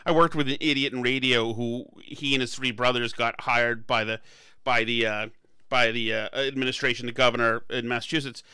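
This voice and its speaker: A man's voice: mid-range voice, steady tone, fairly quick, bright, forceful tone, clean tone, dry recording. Emphatic sarcastic male podcast host. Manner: emphatic, sarcastic, restarts phrases. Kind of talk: political commentary chat.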